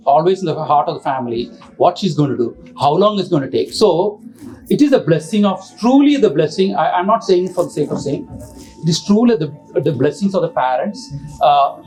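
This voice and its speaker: Speaking at an engagement party as father of the bride, a middle-aged man with a slightly high voice gives an informal speech on a rough recording. He rambles, jokes with the guests, corrects himself, and tosses asides to the audience.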